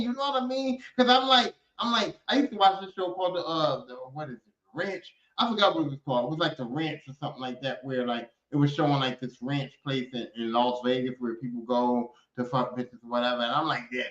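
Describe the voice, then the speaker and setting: A man hosting a podcast, ranting casually and profanely in an animated way, and slipping into other voices to act out people he quotes. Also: medium pitch, fairly quick, hardly any pauses. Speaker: podcast host. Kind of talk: casual comedic rant. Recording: echoey room, dull lo-fi sound.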